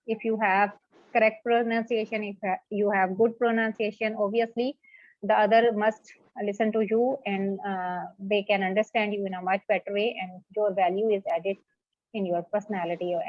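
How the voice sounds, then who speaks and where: A woman's voice: medium pitch, no room sound. A woman teaching an English pronunciation class, repeating points and checking in with "okay". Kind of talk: online class lecture. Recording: dull lo-fi dry sound.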